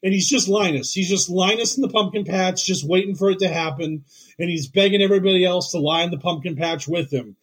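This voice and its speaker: Husky high-voiced man riffing casually. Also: brisk, rough recording. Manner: rambling, heavy use of "like", acts out quotes. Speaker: podcast co-host. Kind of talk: casual comedic chat.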